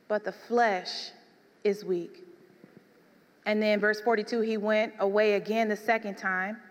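A woman preaching a sermon, animated, swinging between soft and emphatic delivery. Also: mid-range voice, big-room sound.

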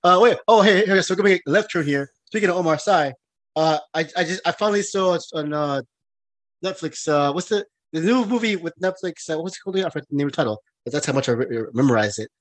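A man co-hosting a casual movie podcast, excitable and rambling, with many fillers, restarts and laughs. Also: on the high side, fast talker, dry recording. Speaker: podcast co-host.

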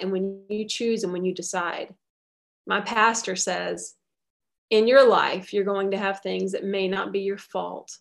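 Woman speaker, faith teaching, fry-tinged, earnest and encouraging. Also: mid-range voice. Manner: earnest, encouraging, repeats key phrases. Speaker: guest speaker on soul care.

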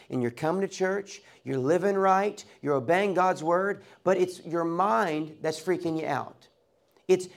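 High, gravelly-voiced man preaching. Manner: conversational preaching with playful asides. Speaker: pastor. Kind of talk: sermon.

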